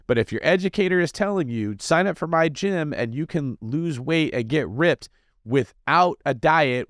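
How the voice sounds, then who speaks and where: A man hosting a real estate podcast, talking in an animated, jokey and energetic way, answering listener comments. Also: medium pitch, dry recording, studio quality. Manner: animated, jokey, fidgety delivery. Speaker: podcast host. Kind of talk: energetic casual monologue.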